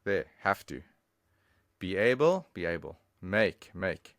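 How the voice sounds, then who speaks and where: A man's voice: deep voice, very animated, takes it slowly, fairly bright tone, no room sound, clean studio sound. A man giving a casual, chatty online language lesson, talking straight to the viewer. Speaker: language teacher.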